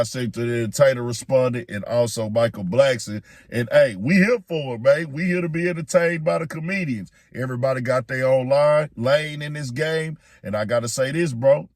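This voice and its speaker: A man hosts his own online commentary show, greeting viewers in a relaxed, slangy manner. His voice is mid-pitched and recorded close and dry, with hardly any room sound around it. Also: no echo. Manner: laid-back, slangy, hype. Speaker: YouTube commentary host. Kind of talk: casual commentary vlog.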